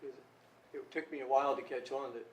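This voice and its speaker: A man interviews a guest in a loose, joking way, speaking at a middle pitch. He sits away from the microphone, and the room around him rings with echo. A faint hiss runs underneath. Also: fairly quick. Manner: relaxed, joking, conversational. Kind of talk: casual interview chat. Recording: roomy room, distant mic.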